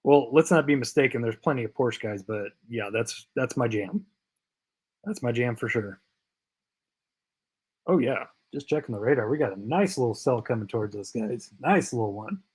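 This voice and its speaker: A man's voice: mid-range voice, expressive, moderate pace, a little mellow, slightly rough. A man hosting a casual live stream, reading out viewer comments in a loose, rambling way with lots of fillers and repeats. He sounds tired and short on sleep. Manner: puts on a Canadian accent as a joke. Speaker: host of a live diecast chat stream.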